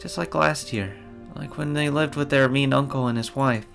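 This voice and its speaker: A man voicing a tomboyish teenage girl who speaks quietly and hesitantly while reading a visual novel aloud. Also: mid-range voice, steady tone, moderate pace, creaky, soft background music, pitched above the performer's own voice.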